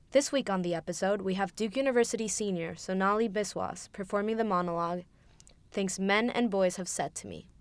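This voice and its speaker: A woman hosts a podcast, reading her scripted introduction in a clear, measured and formal way. Her voice sits at an ordinary middle pitch and sounds dry and close to the mic. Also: no room sound. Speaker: podcast host.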